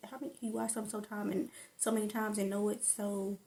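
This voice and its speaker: A woman's voice: medium pitch, level tone, fast talker, warm tone. A woman in casual chat about stand-up comedy, rambling off on tangents with frequent laughter. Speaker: vlogger.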